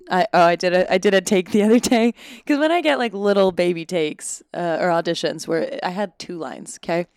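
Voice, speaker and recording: A woman's voice: fairly low pitch, clear, resonant tone, dry recording, studio quality. A woman in her twenties, an actor, chatting casually and self-deprecatingly in an interview, full of "like". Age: 20s. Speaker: actor guest. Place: Los Angeles.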